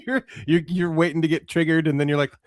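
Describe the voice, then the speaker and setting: A man's voice: a little high, flat delivery, fast talker, no room sound, clean studio sound. A man co-hosting a casual podcast, laughing easily and teasing the others. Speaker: podcast co-host. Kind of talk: casual chat.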